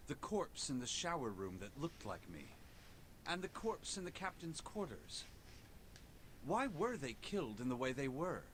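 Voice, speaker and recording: An actor voicing a composed, refined young man in a video game, formal and measured in his speech. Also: mid-range voice, sing-song, fairly bright tone, slight background noise. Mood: calm.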